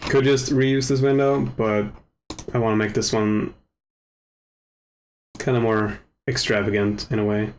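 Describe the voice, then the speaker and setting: Man muttering through a casual software tutorial. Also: fairly low pitch, measured pace, long pauses, a little hiss or hum. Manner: relaxed, self-mocking, mutters to himself while working. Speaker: tutorial host. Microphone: desk microphone with gain set too high. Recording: overdriven mic with faint keyboard clicks.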